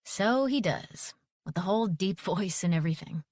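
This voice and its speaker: A woman narrating a first-person audiobook, expressive and giving each character a voice. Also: fairly low pitch, moderate pace, no echo, studio quality.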